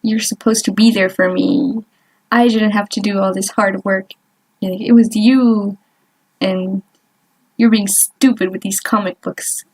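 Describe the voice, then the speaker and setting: A woman voicing a jealous teenage boy who yells at his older brother in a story she retells. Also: medium pitch, steady tone, unhurried, breathy edge, poor audio. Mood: resentful.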